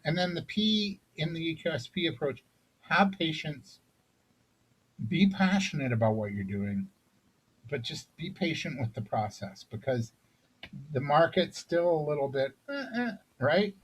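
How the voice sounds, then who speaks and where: A man talks about selling in a recorded business coaching seminar, keeping it conversational with repeated "right?" check-ins and restarted phrases. His voice is on the high side and slightly rough, with big pitch swings and a measured pace, captured in a low-quality recording.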